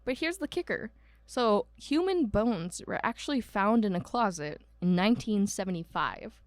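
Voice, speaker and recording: A woman's voice: medium pitch, expressive, moderate pace, no echo. A woman co-hosting a podcast, casually telling a haunted house history with lots of "um"s and self-corrections, with an Ohio accent. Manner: rambling, filler-heavy, self-correcting. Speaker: podcast co-host. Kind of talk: casual storytelling chat.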